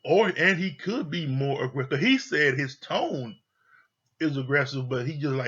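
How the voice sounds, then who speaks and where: A man talks through a reality show episode in a loose, opinionated way, swearing freely and circling back to the same points. His voice is slightly husky, and the recording sounds a little dull and lo-fi. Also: medium pitch, moderate pace, fairly bright tone. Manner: blunt, profane, repeats himself. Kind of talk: casual opinionated commentary. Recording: dull lo-fi audio.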